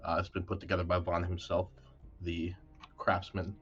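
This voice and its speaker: A man narrating a tabletop game as game master, relaxed and hesitant with many fillers. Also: deep voice, moderate pace, soft background music. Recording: dull lo-fi mic.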